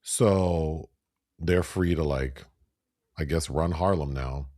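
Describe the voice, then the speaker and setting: Casting: very low-voiced male film-review podcaster, lively storyteller, dry close sound. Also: slow, no room sound. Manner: animated, breaks into high voices when quoting. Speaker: podcast co-host. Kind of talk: casual film review chat.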